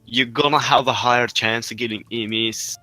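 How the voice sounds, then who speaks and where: A man's voice: mid-range voice, fairly even intonation, normal speed, sharp tone, no echo, soft background music. A young Australian man co-hosting a podcast, chatting in a laid-back, joking way and swearing casually. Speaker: podcast co-host. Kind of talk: casual chat.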